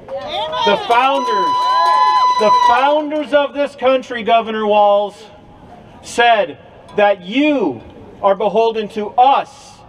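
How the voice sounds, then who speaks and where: A man's voice: very high voice, big pitch swings, takes it slowly, long pauses, background noise. A man giving an impassioned speech to a crowd at an outdoor rally, with a preacher-like cadence. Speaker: rally speaker.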